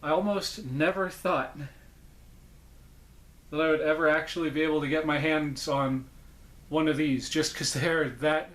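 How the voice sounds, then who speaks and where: A man's voice: on the high side, steady tone, a little slow, pauses often, a bit bright. A man hosting a casual unboxing vlog as a puppet collector, enthusiastic and rambling, often correcting himself. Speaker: puppet collector, channel host.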